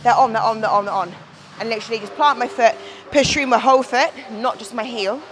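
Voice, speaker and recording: A woman's voice: a little high, brisk, a little hiss or hum, poor audio. Chatty woman coaching in a gym. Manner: chatty, candid, swears casually. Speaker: bodybuilding competitor. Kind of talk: casual gym vlog talk. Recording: music playing behind.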